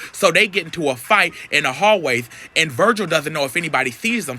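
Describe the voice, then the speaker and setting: A man's voice: a little high, pushed and bright. A man recapping a comic book in sassy, chatty commentary, often calling the listener honey. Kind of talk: casual commentary.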